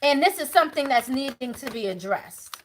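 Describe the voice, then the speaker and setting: A middle-aged woman giving a live tarot reading to viewers, animated and preachy, casual and outspoken, dropping to a hush when she prays. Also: high voice, fairly quick, slight background noise. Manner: animated, preachy, swinging from loud to hushed prayer; casual, outspoken, swears freely. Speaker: tarot reader.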